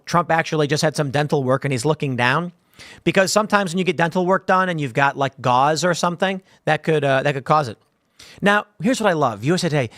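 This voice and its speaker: A man's voice: fairly high pitch, a bit bright, no room sound. A man hosting a commentary show, talking in a rambling, jokey way with lots of asides, from a studio room. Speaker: host.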